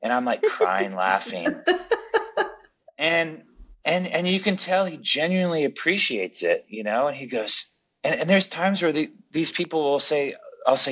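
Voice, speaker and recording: A man's voice: medium pitch, animated, normal speed, fairly bright tone, muffled recording. A man who works as an assistant director, telling stories eagerly and animatedly as a guest in a casual interview.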